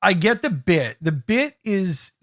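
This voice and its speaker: Casual podcast co-host, male, a bit high, dry close mic, does quick silly impressions. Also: sing-song, fairly bright tone, no room sound. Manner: chatty, breaks into quick goofy impressions. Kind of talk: casual movie-review chat.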